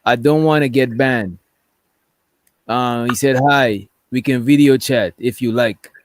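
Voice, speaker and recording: Speaking at a measured pace in a mid-range voice, a male streamer reads text messages aloud during casual livestream commentary. His delivery rambles, and he often tacks on "right?".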